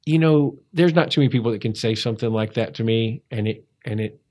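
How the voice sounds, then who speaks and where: Male interview guest, mid-pitched, conversational, reflective storyteller. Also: darkish tone. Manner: conversational, halting, with frequent restarts and fillers.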